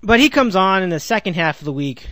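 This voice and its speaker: A man's voice: sits high, expressive, fast talker, bright, forceful tone, no room sound. A man in his twenties hosting a solo sports podcast, rambling with sarcastic asides and frequent self-corrections. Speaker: podcast host.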